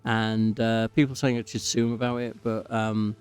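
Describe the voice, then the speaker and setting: A gaming channel host plays a game and gives casual commentary, rambling, drifting off topic and getting easily sidetracked. His voice sits on the low side with a level tone and moderate pace, clear and resonant, with faint music behind him.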